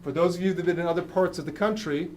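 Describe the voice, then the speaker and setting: Racing along in a high, steady voice, a Philadelphia-accented teacher delivers a lesson, tacking "okay?" and "right?" onto his points again and again. The classroom echoes, the mic sits at a distance, and faint room noise lingers.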